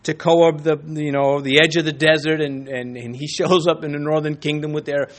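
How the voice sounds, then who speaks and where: A man's voice: on the high side, steady tone, normal speed. A man teaching a Bible lesson in a conversational sermon style, with folksy asides and frequent restarts.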